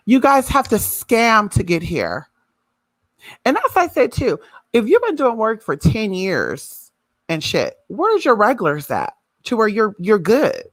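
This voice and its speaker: A sassy woman ranting on a livestream, her voice leaping up and down in a lively, sing-song tease. She talks at an unhurried pace, and the sound is close and dry, with no room echo. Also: medium pitch. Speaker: spiritual reader vlogger. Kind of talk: casual livestream rant.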